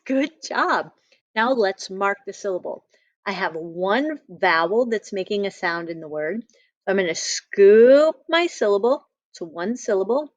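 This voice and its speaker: A woman's voice: medium pitch, dry recording. A woman teaching a phonics lesson, patiently sounding out letters and words.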